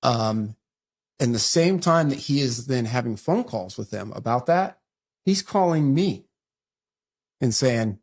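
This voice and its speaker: A middle-aged man, a guest on an interview show, telling a story in a brisk conversational way and acting out the lines people said to him. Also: mid-range voice, lively intonation. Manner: fast retelling that acts out quoted dialogue.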